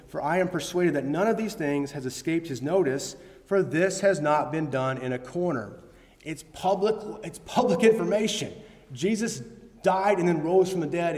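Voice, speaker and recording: A man's voice: a little high, lively intonation, moderate pace, darkish tone. Male preacher, earnest with emphatic bursts, echoing hall sound. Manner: earnest, quotes scripture, rises to emphatic bursts. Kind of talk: sermon. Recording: long hall reverb.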